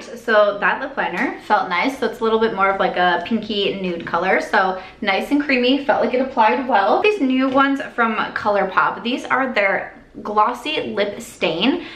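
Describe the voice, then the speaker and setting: A young woman talks through her makeup routine in an easy, rambling vlog style, circling back and restarting as she goes. Her voice sits at a middle pitch and the room around her rings with echo. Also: a bit bright. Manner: rambling, lots of "like" and restarts, earnest. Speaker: beauty vlogger. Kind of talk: chatty get-ready-with-me vlog. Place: at home doing makeup. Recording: echoey room.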